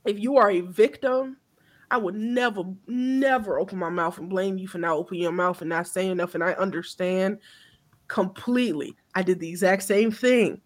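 A woman's voice: medium pitch, normal speed. A woman around thirty co-hosting a podcast, talking in a blunt, profane and impassioned way, often restarting her sentences. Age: about 30. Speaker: podcast co-host. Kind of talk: casual chat.

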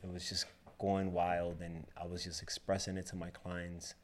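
A man's voice: sits low, moderate pace, over a noisy crowd. A man being interviewed as a barbershop owner, casually retelling a personal story with lots of quoted back-and-forth. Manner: rambling, animated retelling with quoted dialogue.

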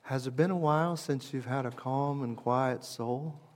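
A man's voice: mid-range voice, normal speed. Reflective male preacher in a reverberant hall. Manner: conversational, reflective, with wide shifts from hushed to emphatic. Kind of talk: sermon.

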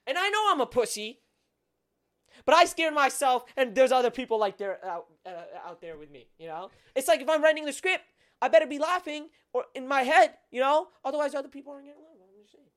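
A man's voice: extremely high pitch, animated, fairly quick, fairly bright tone. A man co-hosting a podcast in casual chat, rambling and slangy, full of "like" and "bro". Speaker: podcast co-host.

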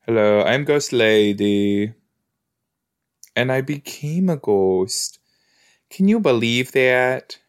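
A man's voice: medium pitch, expressive, takes it slowly, pauses often, smooth. A man voicing a mock-dramatic female ghost lady, playful and theatrical. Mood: mock-spooky.

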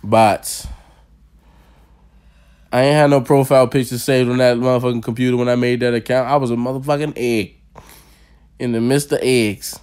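Loud laughing man riffing casually. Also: medium pitch, fairly even intonation, normal speed, pauses often, clear, resonant tone. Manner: loud, laughing, profane storytelling. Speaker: podcast host. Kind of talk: casual podcast banter.

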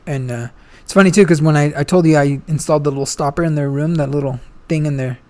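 A man's voice: on the high side, fast, darkish tone. A young man, a guest, chatting casually and telling a long story, swearing freely and full of slang. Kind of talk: casual chat.

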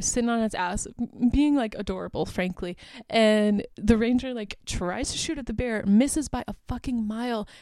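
Female podcast host, casual recap delivery, laughs easily, smooth voice, dry close-mic. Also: a little high, a little mellow, no echo. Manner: chatty, laughs often, lots of "like" fillers.

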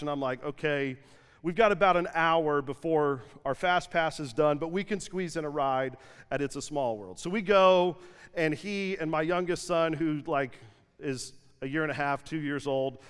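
A man's voice: a little high, clean tone. Man telling a story in a reverberant hall. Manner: lively anecdotal storytelling with frequent "like", acting out quotes. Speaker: pastor. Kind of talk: storytelling sermon. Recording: long hall reverb from a church stage.

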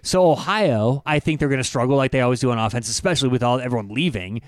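A man co-hosting a sports betting podcast, talking in an animated, emphatic way and swearing casually. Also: medium pitch, quick pace, no room sound, clean studio sound. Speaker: podcast co-host, sports bettor.

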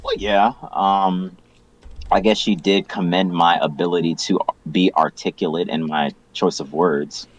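A man's voice: low-pitched, measured pace, slight background noise, poor audio. A young man co-hosting a podcast, bantering casually in slang with the odd formal phrase dropped in. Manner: relaxed slang banter, now and then oddly formal wording. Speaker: podcast co-host. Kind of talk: casual chat.

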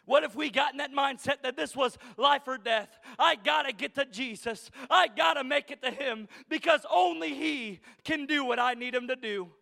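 High-voiced, gravelly preacher man. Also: in a large hall. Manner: rising to shouted emphasis, repetitive cadence. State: choked up with emotion at times. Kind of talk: sermon. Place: church sanctuary.

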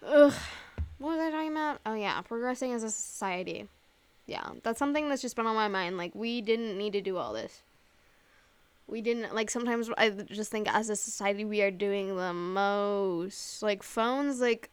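A woman's voice: medium pitch, moderate pace, clean tone, no room sound. A young woman hosting a casual solo podcast, rambling with lots of fillers, swearing and laughing at herself. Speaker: podcast host.

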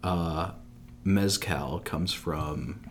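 A man's voice: low voice, extremely slow, a little hiss or hum. A man co-hosting a casual podcast over drinks, rambling easily with lots of fillers. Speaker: podcast co-host. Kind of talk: casual chat.

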